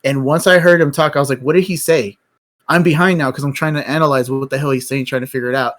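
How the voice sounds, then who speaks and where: Speaking quickly with a fairly bright tone, this man keeps a medium pitch and a mostly even intonation. He hosts a live stream, casually discussing movies in a rambling, blunt manner laced with swearing.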